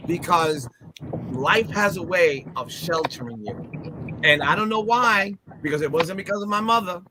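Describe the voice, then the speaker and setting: A man's voice: sits high, animated, moderate pace. An older man from Newark, New Jersey, co-hosting a casual podcast, blunt and reflective, often affirming his partner. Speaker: podcast co-host. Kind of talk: casual conversational chat. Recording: clearly noisy recording.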